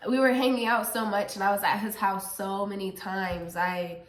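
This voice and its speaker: A woman's voice: mid-range voice, fairly even intonation, normal speed. Giggly young woman in an echoey room. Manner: giggly and emotional, laughs often. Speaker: vlogger answering viewer questions. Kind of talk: casual Q&A chat. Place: home.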